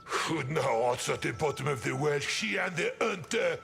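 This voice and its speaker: An actor playing a gruff, hungover, sarcastic male wolf in a video game, grumbling in a drawn-out, theatrical way. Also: fairly high pitch, expressive, a bit bright, heavily acted. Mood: bitter. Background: game music.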